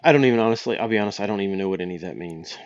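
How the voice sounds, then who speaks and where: A man's voice: lowish voice, very fast, muffled recording. A man chatting casually on a stream, laid-back and a little unsure. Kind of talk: casual chat.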